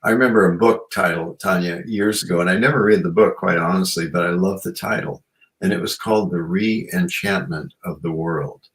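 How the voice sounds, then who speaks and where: A man's voice: low-pitched, moderate pace, a bit bright, low-quality recording. A man talking as a guest in an interview, earnest and musing, often filling with "you know". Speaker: guest author and shamanic practitioner. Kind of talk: reflective interview conversation.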